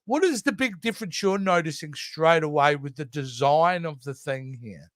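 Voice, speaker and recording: A man, co-hosting a casual movie news chat in an animated, rambling way that keeps trailing off and restarting. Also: on the high side, normal speed, no room sound, studio quality. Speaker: co-host.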